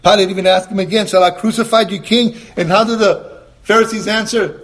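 A man with a high voice preaches an emphatic sermon. He asks his listeners questions and answers them himself, and he reads scripture more slowly and lower. He often clears his throat between points. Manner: quotes scripture in a slower, lower voice.

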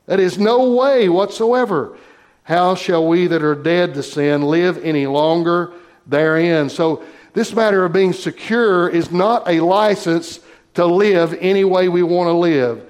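A man preaching a sermon in an emphatic, measured way, slowing down to stress key phrases. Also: high voice, a little mellow.

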